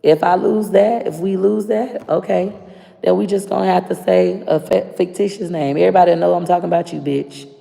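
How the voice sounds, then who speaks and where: A woman's voice: fairly low pitch, steady tone, fairly quick, creaky, dark tone. A woman with a Florida accent ranting bluntly and profanely to camera. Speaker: vlogger. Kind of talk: casual rant to camera. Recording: long reverb.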